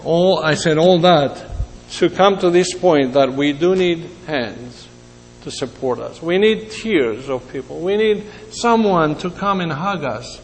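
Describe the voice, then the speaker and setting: Slow, emotional pastor in a reverberant hall. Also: male voice, fairly high pitch, lively intonation. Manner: slow, emotional storytelling with pauses. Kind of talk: sermon. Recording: long hall reverb, faint hum.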